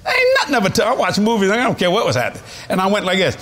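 A man's voice: high voice, very animated, very fast, fairly bright tone. A man, preaching a sermon in a folksy, storytelling way with chuckles. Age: 70s. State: has a cold.

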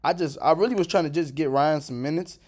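A man's voice: a little high, fast, darkish tone. A man in his twenties talking over a clip in a casual, rambling vlog style, full of slang and "bro". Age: 20s. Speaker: vlogger.

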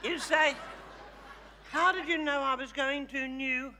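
In this live theatre clip with hall reverb and slight background noise, a comedy host puts on an exaggerated voice to play a self-adoring older woman diva with an Australian accent. His delivery is high, bright and theatrical, with fairly even intonation and a measured pace. The character comes across as brash, bossy and fussing, very taken with herself.

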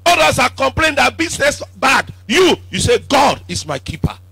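A man preaches with a bright, gravelly voice that leaps up and down in pitch. He swings between loud declarations and quiet asides and keeps asking the congregation whether they follow him. The sound is close and dry, with almost no room echo. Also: sing-song, normal speed. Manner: emphatic call-and-response preaching, swinging from shouts to low asides. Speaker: apostle preaching. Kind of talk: sermon.

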